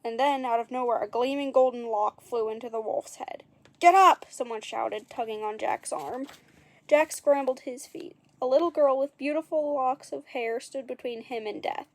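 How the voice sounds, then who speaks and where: A woman's voice: a little high, fairly even intonation, moderate pace, a little mellow. A woman reading a children's story aloud, with playful asides to the listeners.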